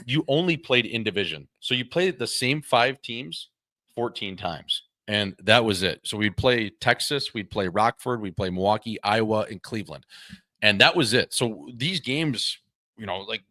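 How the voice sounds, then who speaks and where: A man co-hosting a hockey podcast, telling casual, animated stories about his pro career and swearing freely. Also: on the low side, dry recording, clean studio sound. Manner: animated anecdotes with quoted voices, swears freely. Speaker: podcast co-host, former pro hockey player. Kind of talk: casual chat, storytelling.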